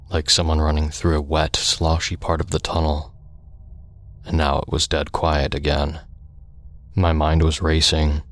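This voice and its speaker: A man with an extremely deep, low voice reads a first-person horror story. His delivery stays flat and even, and his storytelling is steady and hushed.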